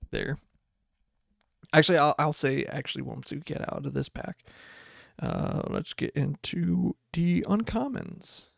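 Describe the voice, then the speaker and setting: A young man hosting a podcast, chatting casually and excitedly as he opens card packs and reads the cards aloud. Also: fairly high pitch, measured pace, creaky, no room sound, studio quality. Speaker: podcast host. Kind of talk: casual card pack opening chat.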